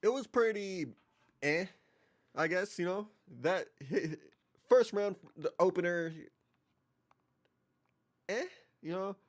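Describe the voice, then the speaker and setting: A man hosting a live reaction stream, talking in a relaxed, rambling way. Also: high voice, slow pace, pauses often. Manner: relaxed, rambling, with fillers and restarts. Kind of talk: casual live-stream chat.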